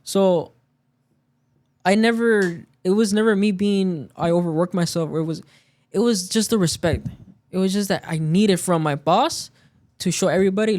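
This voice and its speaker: A man's voice: sits high, normal speed, darkish tone. A man in casual podcast chat, telling a story about work and acting out the quoted lines of the people in it. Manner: storytelling, acts out quoted dialogue. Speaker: podcast guest.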